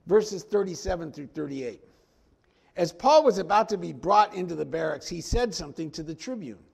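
A man preaching a conversational verse-by-verse sermon, animated and folksy, often stepping into the story to act out the characters. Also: high-pitched, normal speed, gravelly, breathy edge. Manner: animated, acts out quoted lines in the story; folksy, frequent "I mean" asides. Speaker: pastor teaching a Bible study.

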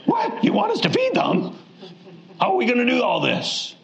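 A Canadian pastor voicing flustered, startled disciples in a high, exclaiming, incredulous tone during a sermon. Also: male voice, big pitch swings, moderate pace. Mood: shocked.

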